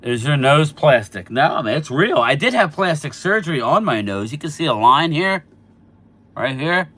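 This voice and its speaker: Middle-aged guy on a sports live stream, bright forceful voice, chatty, kinda stuffy from allergies. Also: a little high, very animated, normal speed. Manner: chatty, reads out viewer names and replies. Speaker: sports channel host answering live chat. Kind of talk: casual live-stream chat.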